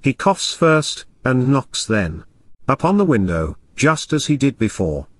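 A man narrating a classic tale as an audiobook, in a measured storytelling way. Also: medium pitch, very animated, a little hiss or hum.

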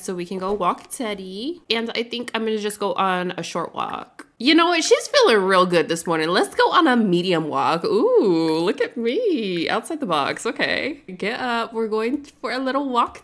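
A woman's voice: mid-range voice, a bit bright. A young woman giving casual, playful commentary on a life-sim game, laughing often. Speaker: gaming YouTuber. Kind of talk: casual let's play commentary.

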